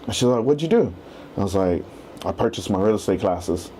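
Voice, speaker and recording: Low mellow-voiced man telling his story. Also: fairly quick, a little hiss or hum. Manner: animated storyteller, acts out quotes. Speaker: real estate agent, podcast guest. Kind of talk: casual interview storytelling.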